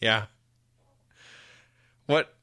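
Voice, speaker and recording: Male co-host, casual chat, dry delivery, bright timbre. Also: drawn-out words, dry recording. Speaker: podcast co-host.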